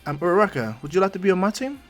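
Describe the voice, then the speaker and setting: A man's voice: high voice, big pitch swings, very fast, faint music behind, pitched above the performer's own voice. Man doing a cocky, cheerful teen boy hero. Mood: confident.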